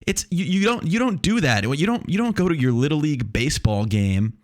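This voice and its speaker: A man's voice: on the high side, animated, a little fast, no room sound, studio quality. A young man hosting a solo podcast, rambling and swearing, often restarting his sentences. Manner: rambling, profane, restarts a lot. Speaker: podcast host. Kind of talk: casual solo podcast monologue. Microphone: lav or shotgun mic in a foam-treated room.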